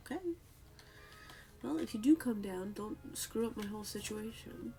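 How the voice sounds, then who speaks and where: Woman, streamer, baby-talking her cat, mid-pitched voice, faint music behind. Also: normal speed. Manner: coos at her pet cat in a sing-song baby voice; drops into soft whispers now and then. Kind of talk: casual live-stream chat. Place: home room while streaming.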